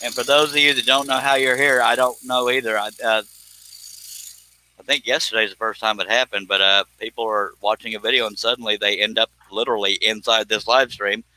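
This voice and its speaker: A man's voice: fairly low pitch, steady tone, brisk, pushed and bright, slight background noise, low-quality recording. A man hosting a casual live stream while he cuts wood on a scroll saw, rambling and laughing at himself. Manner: rambling, self-deprecating, chuckling.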